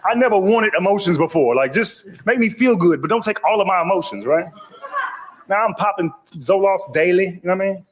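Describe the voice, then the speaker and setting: A man's voice: high voice, animated, fairly quick. A man from Texas with a Texas accent, telling a stand-up comedy story and acting out the voices of other people.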